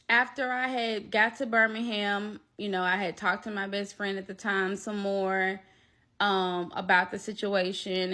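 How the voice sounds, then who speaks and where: A woman, telling a personal story in a lively vlog and talking straight to her viewers. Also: mid-range voice. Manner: animated, talks straight to viewers. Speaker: vlogger.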